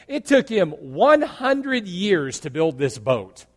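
A male pastor preaching a sermon in an animated way, acting out imagined dialogue and jokes. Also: sits high, moderate pace, hardly any pauses, in a large hall.

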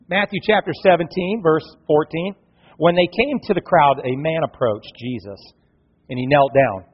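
Male pastor, high husky voice, lively sermon delivery, long hall reverb, muffled lo-fi recording. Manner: animated, acts out quoted voices. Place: church sanctuary.

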